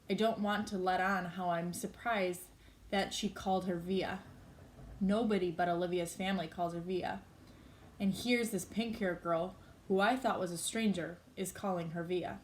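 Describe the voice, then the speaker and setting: A woman's voice: mid-range voice, a little hiss or hum. A woman reading a novel aloud in a plain, unpolished way, with small slips she corrects as she goes. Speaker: reader.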